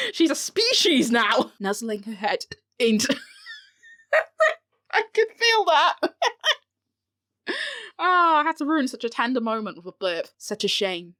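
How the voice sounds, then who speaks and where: Recorded at home, this blooper-filled audiobook features a British novelist narrating her own book; she slips up often, laughs, and swears about it. She speaks in a high, sing-song voice with a sharp edge, slowly and with frequent pauses.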